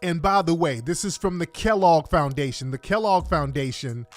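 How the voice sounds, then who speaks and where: Male radio host, emphatic and repetitive, slightly high voice, faint music behind. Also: normal speed. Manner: emphatic, repetitive, addresses listeners directly. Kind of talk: heated political commentary.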